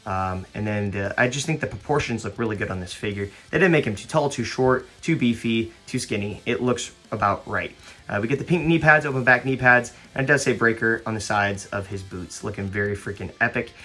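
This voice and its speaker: A man's voice: on the low side, a little fast, sharp tone. A young man hosting a casual action-figure unboxing review, rambling with lots of fillers and restarts, a little foggy and stuttering. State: stuttering, foggy after a fight.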